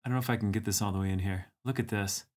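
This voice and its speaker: A man's voice: on the low side, steady tone, very fast, darkish tone. Chatty man hosting a livestream. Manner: chatty, reads viewer comments aloud, teasing. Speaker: livestream host. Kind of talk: casual live-chat banter.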